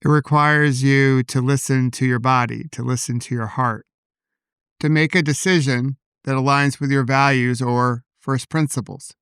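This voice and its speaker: A man hosting a solo podcast, talking in a calm, personal, reflective way into a podcast microphone. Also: medium pitch, normal speed, clean tone, no echo, clean studio sound. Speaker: podcast host.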